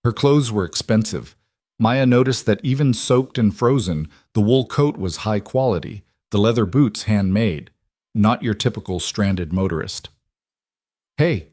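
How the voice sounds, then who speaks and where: Brief: male narrator, low voice, steady scripted storytelling, dry close recording. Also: normal speed, no echo.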